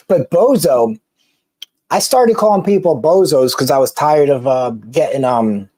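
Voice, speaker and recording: Halting Philly man on a live stream. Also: a little high, lively intonation, mellow, no echo. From Philadelphia. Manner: rambling, halting, with many restarts and laughs. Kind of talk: casual live-stream chat reading comments.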